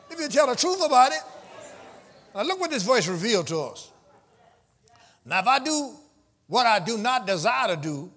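A man preaching a sermon to a live congregation, calling out questions, teasing the listeners and rising into shouts. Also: extremely high pitch, husky. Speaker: pastor. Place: church before a live congregation.

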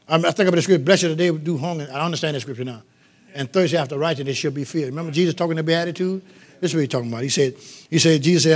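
A man preaching a lively call-and-response sermon to a congregation, shouting some lines and dropping others to a low murmur. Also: quick pace. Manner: sings out phrases, shouts and drops to low murmurs, laughs with the congregation. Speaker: pastor.

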